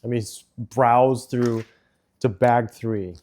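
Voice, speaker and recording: A man streaming casual chat while building a model set, rambling with frequent fillers and quick laughs. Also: medium pitch, steady tone, a little mellow.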